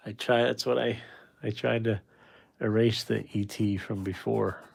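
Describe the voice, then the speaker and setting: A man with a fairly low, gravelly voice talks casually to his livestream viewers while he paints. He muses aloud and is self-critical about how the piece is going. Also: level tone, slow, a little mellow.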